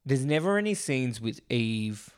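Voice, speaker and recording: A man co-hosting a relaxed podcast about an old movie. He talks in an animated, chatty way and tosses off quick jokey asides. His pitch sits in an ordinary middle range for a man. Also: clean tone. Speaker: podcast co-host. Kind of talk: casual film discussion chat.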